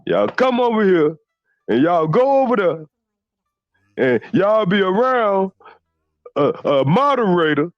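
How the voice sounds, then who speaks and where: A man's voice: high voice, dry recording, highs cut off. A man impersonating a boastful, arrogant former basketball star in a comedic rant, swearing and stumbling over repeated restarts. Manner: profane bragging, stammered restarts.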